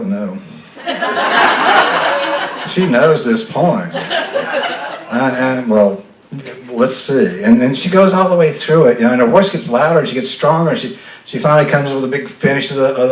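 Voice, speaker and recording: A man's voice: mid-range voice, expressive, moderate pace. An older man from the American South telling a folksy, self-deprecating story live on a festival stage, often stammering and restarting. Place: festival stage before an audience. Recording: roomy sound from a distant mic.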